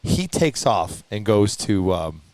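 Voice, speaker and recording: A man hosting a live show, telling an animated story, laughing and acting out other people's lines. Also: takes it slowly. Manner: laughing, acts out others' lines in high voices. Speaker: show host. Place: hobby shop studio.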